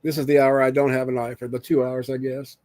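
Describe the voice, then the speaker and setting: A man's voice: medium pitch, level tone, fast talker, darkish tone, no echo. A man casually chatting with viewers on a live stream, rambling and joking as he reads the chat aloud.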